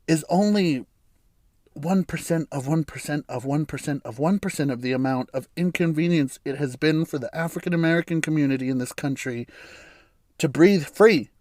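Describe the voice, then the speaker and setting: Man, podcast host, casual solo monologue, blunt and profane, laughs a lot, somewhat high voice, dry close recording. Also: a little mellow, dry recording.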